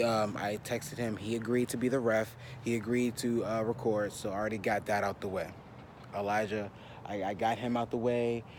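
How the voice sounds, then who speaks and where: A man's voice: on the low side, darkish tone, slight background noise. A young man outdoors in a backyard, out of breath, boasting and trash-talking in a wrestling promo vlog.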